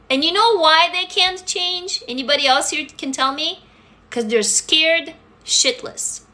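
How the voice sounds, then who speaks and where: A Russian livestream host answers her viewers in an unhurried, expressive voice that sits high and has a sharp tone. Her casual talk is blunt and emphatic, with free swearing.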